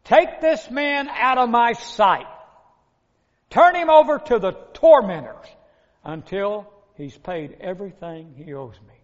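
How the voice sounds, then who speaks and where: A man's voice: high voice, very animated, takes it slowly, heavily acted. A male preacher voicing a stern, commanding king in a retold parable, in a dull recording with long hall reverb. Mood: angry.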